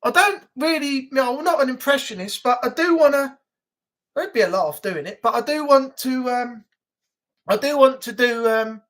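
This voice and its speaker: A man's voice: very high-pitched, lively intonation, normal speed, a bit bright. A man hosting a casual live-stream chat, talking in a rambling, easygoing way with frequent laughs.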